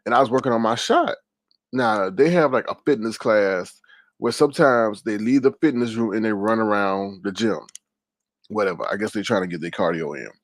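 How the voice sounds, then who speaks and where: A man's voice: normal speed, no echo, studio quality. A man hosting a live stream, chatting casually, telling stories and teasing viewers in the comments. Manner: animated, jumps into high exaggerated voices when quoting people; reads viewer comments aloud and teases them. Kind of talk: casual storytelling chat.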